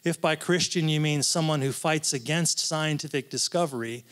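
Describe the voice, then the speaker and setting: A man's voice: fairly high pitch, normal speed, a bit bright. A man, a professor, giving a conversational talk at a church, with asides and frequent restarts. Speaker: guest speaker, professor.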